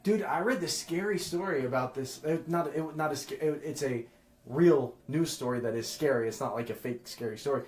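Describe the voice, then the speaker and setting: A man's voice: a little high, fairly quick, darkish tone. Rambling man in an echoey room. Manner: rambling, full of "like" and restarts. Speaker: podcast guest. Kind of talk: casual chat.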